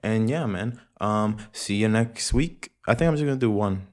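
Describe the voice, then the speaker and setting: A man's voice: fairly low pitch, lively intonation, moderate pace, a little mellow. A young man hosting a casual solo podcast, rambling and swearing a lot, often laughing at himself. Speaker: podcast host. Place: home room with echo.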